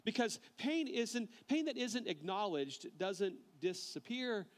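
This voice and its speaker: Preaching earnestly, this male pastor tends to repeat words at the start of phrases and slows down for important lines. He has a high voice with big pitch swings.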